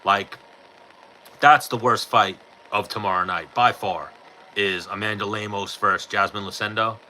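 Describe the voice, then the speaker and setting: A man's voice: lowish voice, fairly even intonation, a little slow, bright, forceful tone, slight background noise, rough recording. A man, hosting a podcast and answering chat questions in a blunt, profane, offhand way. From New York. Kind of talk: casual chat.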